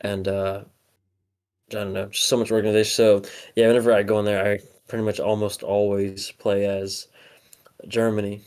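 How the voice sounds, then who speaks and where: Young guy on a podcast, kinda low voice, swears a lot, lots of uh and like. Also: level tone, normal speed, a little mellow, clean tone. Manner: swears often, rambling with many fillers. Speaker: podcast co-host. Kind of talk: casual podcast chat.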